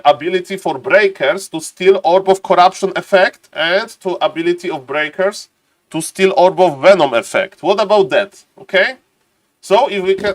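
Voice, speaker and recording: Man explaining a strategy game live. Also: a little high. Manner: explains step by step, greets chat viewers. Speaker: streamer. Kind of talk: live game stream commentary.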